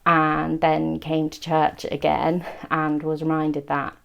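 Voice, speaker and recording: Young woman, gravelly voice, chatty, bit low, laughs a lot. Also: monotone, slow. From England, outside London. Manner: chatty, laughs often, quotes herself. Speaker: interviewee. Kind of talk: casual testimony chat.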